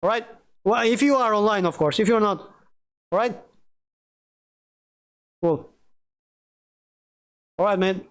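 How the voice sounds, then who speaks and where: Male gaming streamer, high voice, rambling and excitable, curses freely. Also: slow, pauses often, clean tone. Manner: rambling, excitable, swears a lot. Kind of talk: casual live-stream chat.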